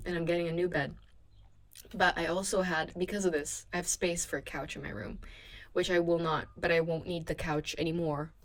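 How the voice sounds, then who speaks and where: A young woman hosting her own podcast, chatting casually and rambling in a sleepy, self-deprecating way from her bedroom. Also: on the low side. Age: young adult. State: sleepy, a bit sick in the throat. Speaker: podcast host. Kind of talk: casual solo podcast chat.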